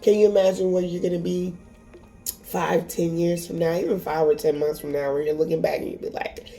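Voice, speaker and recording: A woman's voice: lowish voice, flat delivery, brisk, warm tone, faint music behind. A woman giving a casual tarot reading to camera, emotional and encouraging, swearing freely. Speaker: tarot reader.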